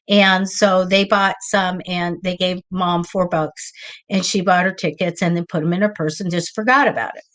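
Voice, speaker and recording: A middle-aged woman hosting a live psychic show, chatting casually and telling excited stories with lots of acted-out quotes. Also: medium pitch, normal speed. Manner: chatty storyteller, lively and excitable, acts out quoted voices. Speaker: psychic reader and show host. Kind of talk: casual live-stream chat.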